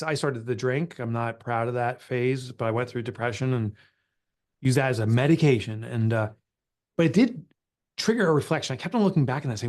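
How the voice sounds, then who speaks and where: A man's voice: mid-range voice, animated, brisk, darkish tone. A middle-aged man and author, candidly telling an emotional personal story in an interview. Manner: earnest, emotional, confessional. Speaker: author and guest.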